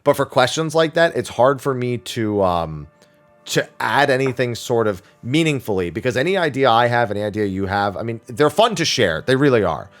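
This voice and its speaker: A man's voice: medium pitch, animated, moderate pace, soft background music. A man streaming a weekly Q&A, talking casually and rambling with lots of fillers, restarts and casual swearing. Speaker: streamer answering viewer questions. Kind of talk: casual chat.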